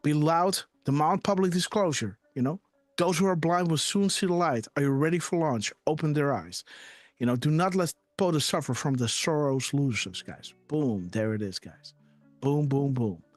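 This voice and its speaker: A man hosting a live decode show, talking fast and excitedly and asking "right?" again and again. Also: fairly high pitch, no echo, faint music behind. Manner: animated, repeats "right?" and "guys". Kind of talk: conspiracy decode commentary.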